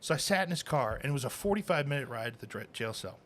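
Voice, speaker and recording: A man's voice: medium pitch, lively intonation, fast, a bit bright, slight background noise. A man co-hosting a casual podcast, telling a long story and acting out the dialogue with laughs. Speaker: podcast co-host. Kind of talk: casual storytelling over drinks.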